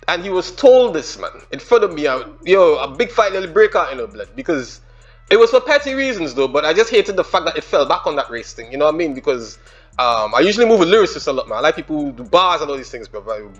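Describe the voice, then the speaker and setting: A man, hosting a music reaction channel, breaking down lyrics in excited, slangy casual commentary. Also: a little high, quick pace, lo-fi sound.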